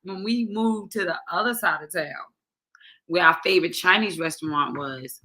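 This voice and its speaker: A woman, chatting casually as a host. She tells her stories with energy and belts out the lines she quotes. Her voice is bright and forward. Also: fairly low pitch, normal speed. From New York. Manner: animated storyteller, acts out quotes loudly. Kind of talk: casual chat.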